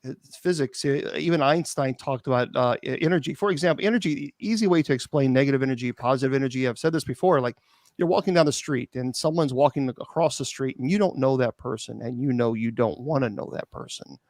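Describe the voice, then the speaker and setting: A man's voice: mid-range voice, quick pace, darkish tone, dry recording. A man appearing as a guest bishop on a talk show, explaining things patiently with frequent stumbling restarts.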